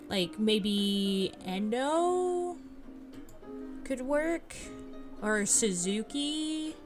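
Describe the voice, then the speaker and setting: A woman's voice: on the high side, expressive, drawn-out words, soft background music. A woman playing a video game who reads its narration aloud and chats casually about her choices. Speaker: game streamer. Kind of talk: casual playthrough, reading game text aloud.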